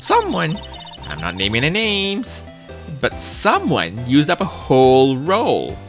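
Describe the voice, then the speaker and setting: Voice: mid-range voice, huge pitch swings, takes it slowly, soft background music, pitched above the performer's own voice, heavily acted. A streamer doing a drawling Southern woman. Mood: scolding. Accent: American Southern, put on. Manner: exaggerated drawl, scolding. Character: brash Southern woman photographer, quick to bristle.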